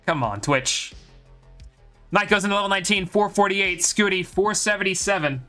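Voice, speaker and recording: A man's voice: high-pitched, brisk, sharp tone, soft background music. A man from Ireland with a light Irish accent, commentating a live game stream and joking with his viewers in a chatty, bragging way.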